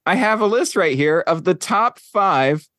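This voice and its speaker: A man's voice: high-pitched, expressive, a little slow, a bit bright, dry recording, studio quality. A man hosting a podcast in casual chat, rambling with lots of fillers as he counts down a list. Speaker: podcast host.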